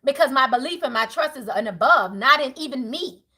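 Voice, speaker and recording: A middle-aged woman does live tarot readings for her viewers in a high, bright, somewhat husky voice at a fairly quick clip. She preaches with lively swings, going from loud outbursts to hushed prayer. Her talk is casual, blunt and outspoken, and she swears freely.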